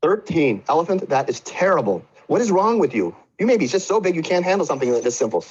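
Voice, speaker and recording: Man playing a pompous, patronizing factory manager, pitched up, muffled recording. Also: very animated, fast, darkish tone, slightly rough. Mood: scolding. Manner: condescending, over-explaining. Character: pompous male factory manager bossing workers. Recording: muffled lo-fi audio.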